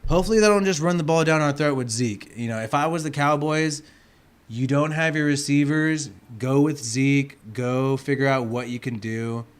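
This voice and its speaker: A man hosting a casual sports livestream, rowdy and profane, swinging from loud to soft, with a sore throat. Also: a little high, normal speed, smooth. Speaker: livestream host.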